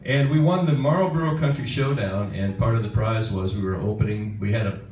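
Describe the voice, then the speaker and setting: A guitarist telling a rambling, chuckling story on stage. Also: male voice, lowish voice, brisk, a little mellow. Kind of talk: onstage anecdote. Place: concert stage. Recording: echoey hall, far from mic, noisy.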